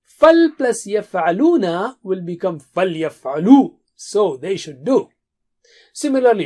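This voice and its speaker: A man's voice: sits high, very animated, moderate pace, mellow. Man teaching grammar in drills. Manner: repeats drills rhythmically, mixes Arabic terms into English. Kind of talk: classroom lesson.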